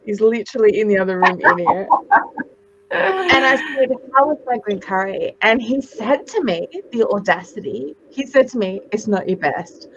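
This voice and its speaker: Dramatic, animated woman in her forties. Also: fairly high pitch, lo-fi sound. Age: 40s. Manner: dramatic, animated storyteller, swears freely. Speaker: guest, psychic medium. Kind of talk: casual video interview chat.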